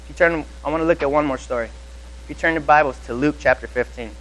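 Fast-talking young male preacher. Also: a little high, rough recording. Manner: lively storytelling, acting out people in his anecdote. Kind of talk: sermon with personal story.

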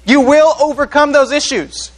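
A man's voice: very high voice, fairly even intonation, moderate pace, low-quality recording. A man preaching a sermon as pastor, earnest, often putting questions to the congregation.

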